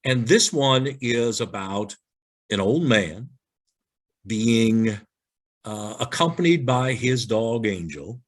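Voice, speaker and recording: A man's voice: medium pitch, expressive, slow pace. A male pastor telling funny stories and reading church signs in a light-hearted sermon, acting out the characters as he goes.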